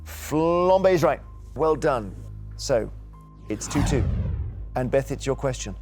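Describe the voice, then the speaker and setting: A man's voice: mid-range voice, expressive, slow pace, music in the background. A man hosting a quiz show in a TV studio, upbeat and teasing as he reads out questions.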